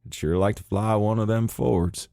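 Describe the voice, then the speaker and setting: Guy putting on an old southern vet pilot voice, raspy, slow, low and tired. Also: fairly even intonation, dark tone, no echo, clean studio sound. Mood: kindly. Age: 90s. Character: very old male WWII fighter pilot, tired, gentle.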